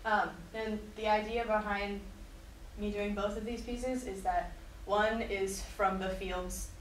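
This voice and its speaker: A woman giving a class presentation and a dramatic reading of a letter, in an earnest, measured delivery. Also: medium pitch, little pitch movement. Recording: echoey room recorded from a distance, faint noise.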